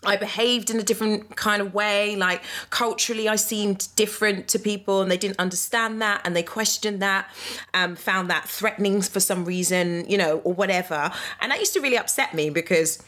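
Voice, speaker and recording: A woman's voice: medium pitch, fairly quick, fairly bright tone. A woman in her thirties from England, an actor, talking candidly and reflectively in casual conversation. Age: 30s. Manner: candid, reflective, many fillers.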